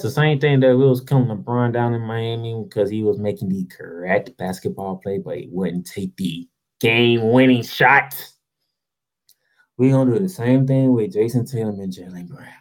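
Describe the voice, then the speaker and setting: A man's voice: medium pitch, brisk, poor audio. A man hosting a sports show, delivering a heated, sarcastic basketball rant full of rhetorical questions in informal, slangy speech.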